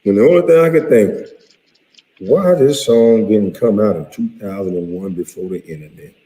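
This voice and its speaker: A man in his forties, a retired pro athlete, ranting to camera in a profane, heated, animated way. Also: lowish voice, moderate pace. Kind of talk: casual rant to camera. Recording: echoey room with long reverb.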